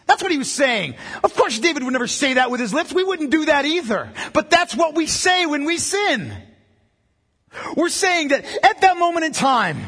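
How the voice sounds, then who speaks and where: A man preaching a sermon as a pastor, impassioned and emphatic, with a husky voice. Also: very high voice, big pitch swings, moderate pace, a bit bright. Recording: long reverb of a large hall.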